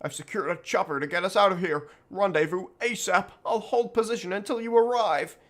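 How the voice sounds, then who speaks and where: A man's voice: sits high, fairly quick, voice pushed up, natural voice. A man voicing a stubborn male police partner calling urgently over the radio, with game music behind. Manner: urgent, pleading.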